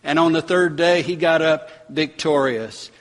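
A man preaching a sermon, building to dramatic emphatic bursts and slowing on key words. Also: fairly high pitch. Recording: long hall reverb.

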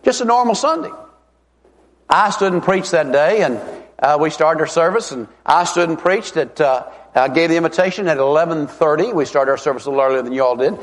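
A middle-aged man, preaching a revival sermon as an evangelist in a folksy, emphatic way, stretching out key words. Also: fairly high pitch. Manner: folksy, emphatic, drawn-out stresses. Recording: long reverb of a large hall.

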